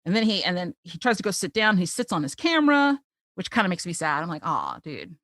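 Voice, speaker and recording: A woman's voice: medium pitch, fast, no echo. A woman hosting a podcast, chatting casually and retelling a cartoon episode with lots of laughter. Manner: giggly, animated storyteller. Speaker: podcast host. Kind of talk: casual chat recapping a cartoon.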